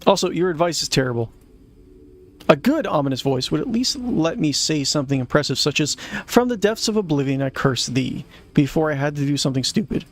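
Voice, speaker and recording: A man's voice: a little high, expressive, brisk. A man reading a haughty young noble villainess aloud in a game, in a dry, sardonic way. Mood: scornful.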